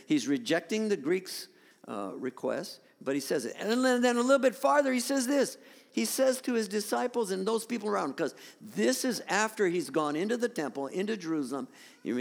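A man's voice: sits high, creaky. A man preaching a sermon, reading scripture dramatically and turning to the congregation with conversational asides. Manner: dramatic scripture reading, rising to near shouts. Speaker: pastor. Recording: long hall reverb.

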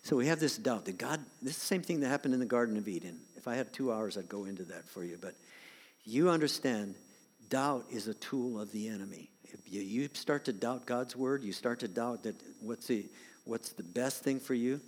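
An older man preaching a sermon as pastor of a church, swinging from loud emphatic points to soft whispered asides. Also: medium pitch, expressive, brisk, in a large hall.

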